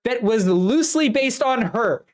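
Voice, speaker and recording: A woman co-hosting a casual book-discussion podcast, recapping the plot at length in a lively way. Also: on the high side, a little slow. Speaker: podcast co-host.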